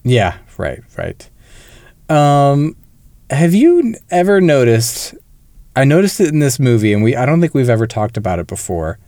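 Male podcast co-host, relaxed explainer, dry close sound. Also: mid-range voice, moderate pace, no echo. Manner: conversational, explanatory, occasional laughs. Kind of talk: casual film review chat.

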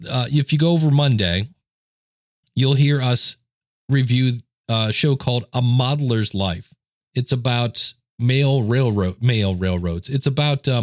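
Speaking close into a dynamic studio microphone at his home desk setup, a male podcast host at a middle pitch chats casually through audio how-to tips. He's relaxed and self-deprecating, and the recording is dry, with no echo from the room.

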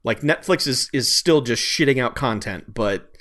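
A man's voice: mid-range voice, moderate pace. Laid-back man chatting about movies. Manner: relaxed, swears, laughs often. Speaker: podcast co-host. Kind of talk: casual movie chat.

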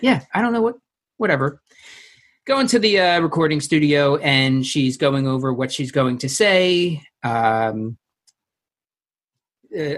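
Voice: mid-range voice, a little slow, pauses often. A podcast co-host in a casual chat, recapping a TV episode in a loose, rambling way with lots of fillers. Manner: loose and rambling, many fillers, breaks into silly sung impressions.

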